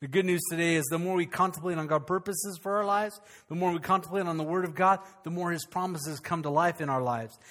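A man preaching a sermon as pastor, animated and calling out questions to his congregation. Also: fairly high pitch, fast talker, few pauses, big-room sound.

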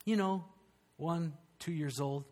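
An older man preaching a sermon as pastor, swinging from loud, animated outbursts to hushed, quiet passages. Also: on the high side, slow pace.

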